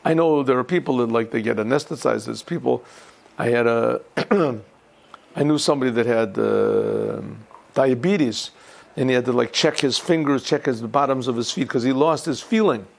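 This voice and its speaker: Gravelly man giving a Torah class. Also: mid-range voice, very animated, moderate pace. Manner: clears throat often, thinks aloud with restarts. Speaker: rabbi teaching a yeshiva class. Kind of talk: informal Torah lesson.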